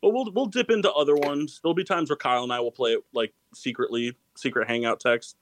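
A man's voice: mid-range voice, fast, no echo, poor audio. Rambling man hosting a sports podcast. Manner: rambling, self-correcting, laughs often. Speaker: podcast host. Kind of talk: casual sports podcast chat.

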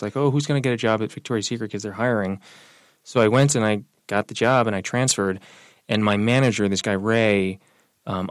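A young man in an interview, talking casually and telling personal stories, relaxed and lively when quoting other people. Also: fairly low pitch, no echo. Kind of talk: casual conversational storytelling.

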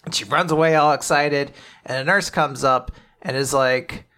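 A man hosting a podcast, casually recapping a comic chapter with animated, laughing delivery. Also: mid-range voice, normal speed, clear, resonant tone. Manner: animated, laughing, slips into character voices. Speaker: podcast host.

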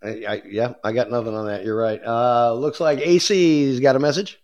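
A man co-hosts a casual podcast, chatting in a relaxed, easygoing way. He laughs often as he reads out listener messages. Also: mid-range voice, normal speed, dull audio. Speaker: podcast co-host. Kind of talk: casual chat.

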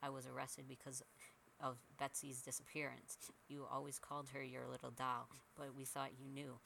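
A man's voice: mid-range voice, little pitch movement, moderate pace, vocal fry, pushed and bright, a little hiss or hum, poor audio. A man voicing a distraught middle-aged mother who pleads tearfully, in a narrated horror story. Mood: pleading. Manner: pleading, emotional.

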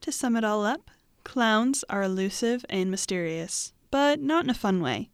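A woman's voice: mid-range voice, animated, moderate pace, clear, resonant tone, no room sound, clean studio sound. A young woman hosting a student podcast, reading a script with wry asides to the listener. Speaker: student podcast host and reporter.

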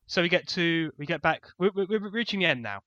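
A man's voice: fairly high pitch, lively intonation, fairly quick, sharp tone, dry recording, lo-fi sound. A man co-hosting a casual comedic film review, dry and sarcastic, hesitating with ums, from England. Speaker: podcast co-host.

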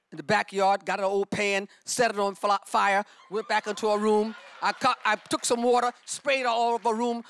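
A middle-aged woman preaching a sermon with personal testimony, fervent and emphatic, and breaking into shouts. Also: mid-range voice, dry recording, studio quality.

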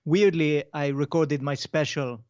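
A man's voice: fairly high pitch, measured pace, darkish tone, clear, resonant tone, no echo, highs cut off. A man who is a comedian, a guest chatting casually and jokingly on a podcast. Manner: chatty, jokey storyteller.

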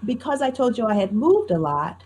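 A middle-aged woman with a faint New Jersey accent, a professional storyteller talking in a lively, self-deprecating way in an interview. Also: a little high, fairly quick, noisy background. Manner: animated, self-deprecating, tells anecdotes with quoted dialogue. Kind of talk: conversational interview.

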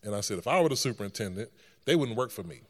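A middle-aged man, a school superintendent, giving a lively story-filled speech on stage and laughing often. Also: on the low side, racing, long reverb tail.

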